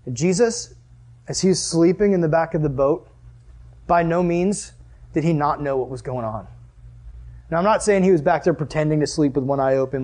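A young man delivers a chatty, animated sermon. His voice is somewhat husky and sits a bit high for a man, and he speaks in a loose, conversational way full of asides. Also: brisk. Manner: animated, chatty, heavy use of "like". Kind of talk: casual sermon.

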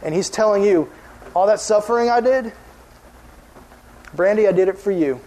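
A young youth pastor delivers a sermon to teenagers in a high, earnest voice. He climbs when he stresses a point and turns quiet and gentle when he makes an appeal. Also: normal speed. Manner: earnest, rises in pitch when emphatic, drops soft on appeals.

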